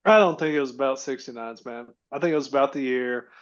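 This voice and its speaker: A man co-hosting a casual podcast, animated and arguing his point. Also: mid-range voice, quick pace, highs cut off.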